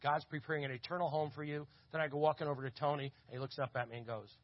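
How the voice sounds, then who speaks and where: A man telling a lively story in a sermon, acting out the voices of the people in it. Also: on the high side, quick pace, a little hiss or hum. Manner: animated, acts out quoted voices. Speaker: conference speaker. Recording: dull lo-fi audio.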